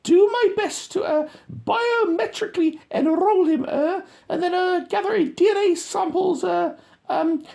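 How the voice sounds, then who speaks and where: A man voicing a young male soldier radioing his base, in a high strained put-on voice that halts with frequent pauses. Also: creaky, a little mellow, exaggerated voice. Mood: hesitant. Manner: halting, full of uh pauses.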